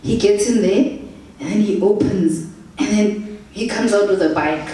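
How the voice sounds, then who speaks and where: A young woman telling travel stories in a lively, laughing way, acting out the people she meets. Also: mid-range voice, unhurried. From South Africa. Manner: animated, laughs through anecdotes, acts out quotes. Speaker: storyteller. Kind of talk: casual travel storytelling. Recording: echoey room, distant mic.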